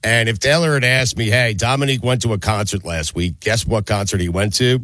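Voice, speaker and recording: A man's voice: lowish voice, brisk, a bit bright, no echo. A man hosting a casual sports talk show, joking around and steering the talk with questions for his co-hosts. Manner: jokey, leads the conversation and asks questions. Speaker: host.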